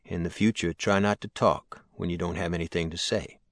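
Man doing a low-key older statesman. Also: fairly even intonation, brisk, no room sound, clean studio sound.

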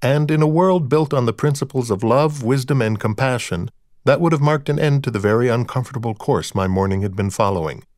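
A man narrating a first-person audiobook in a dry, wry, deadpan manner. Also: medium pitch, a little fast, no room sound.

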